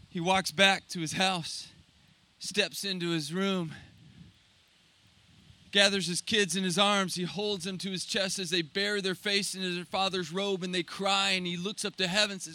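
High, bright-voiced male preacher. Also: steady tone, moderate pace. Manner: vivid, dramatic, swings between loud and hushed. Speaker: pastor. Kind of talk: dramatic sermon storytelling.

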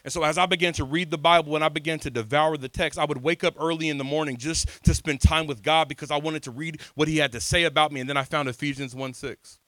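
A man preaching a sermon at an outdoor beach service, telling his own testimony with passion and big swings in loudness. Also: fairly high pitch, fairly even intonation, quick pace, hardly any pauses, no room sound.

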